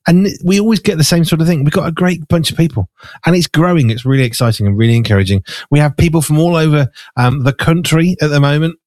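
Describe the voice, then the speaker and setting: A man hosting a relaxed radio-style chat, talking enthusiastically with frequent restarts. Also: on the high side, fast talker, no room sound, studio quality. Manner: enthusiastic, warm about the team, with restarts. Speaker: podcast host. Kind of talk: casual chat.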